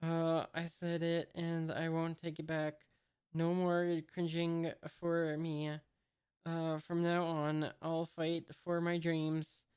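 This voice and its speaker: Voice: medium pitch, slow pace, clean tone, close to an everyday voice. A reader doing a timid young cabin boy. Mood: earnest. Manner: hesitant flat reading.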